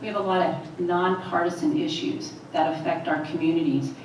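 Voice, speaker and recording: A woman running for office, answering forum questions in a steady, measured way and repeating phrases for emphasis. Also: lowish voice, background noise. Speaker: political candidate. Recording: echoey hall, voice from far off.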